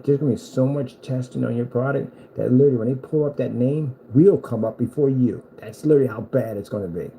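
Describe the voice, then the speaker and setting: A man's voice: mid-range voice, mellow, slight background noise, low-quality recording. A man delivering a boastful, taunting rant at a rival screen maker, repeating himself for emphasis. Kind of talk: trash-talking rant at a rival.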